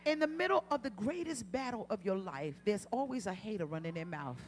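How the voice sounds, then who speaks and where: A woman preaching a sermon in a church, swinging from quiet to loud, passionate peaks, with humorous asides. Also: medium pitch, lively intonation, fairly quick. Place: church sanctuary.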